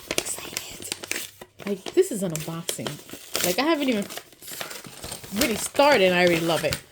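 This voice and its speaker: Excitable woman gushing over an unboxing. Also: a little high, slight background noise. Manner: gushing, excitable, often says "so stinking cute". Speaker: unboxing channel host. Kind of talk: casual unboxing narration.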